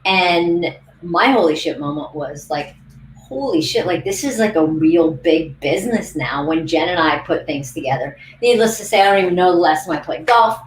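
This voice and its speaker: A woman coach co-hosting a casual livestream, telling lively stories on a video call. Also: low voice, moderate pace, roomy sound, a little hiss or hum, rough recording. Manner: lively anecdotal storyteller. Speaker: coach and co-host.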